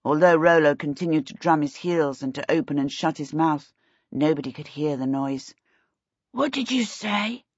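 A woman narrating a children's fantasy story with a steady, expressive reading. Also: low-pitched, moderate pace, no echo. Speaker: audiobook narrator. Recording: dull lo-fi recording.

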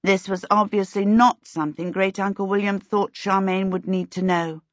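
A woman reading a children's storybook aloud in a measured, expressive way. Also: mid-range voice, dry recording, highs cut off. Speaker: audiobook narrator. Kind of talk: scripted storybook narration.

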